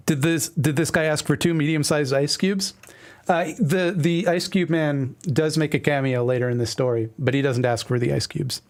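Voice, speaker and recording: A man's voice: fairly high pitch, steady tone, normal speed. A man streaming, reading his old webcomic aloud with wry, self-deprecating commentary. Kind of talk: casual commentary reading a comic.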